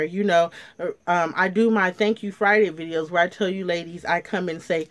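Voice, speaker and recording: A woman's voice: lowish voice, fairly even intonation, normal speed. A middle-aged woman, telling a personal story to her viewers in a casual, emotional way, near tears. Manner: emotional, chatty, addresses viewers as ladies. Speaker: vlogger. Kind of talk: casual story time chat to camera.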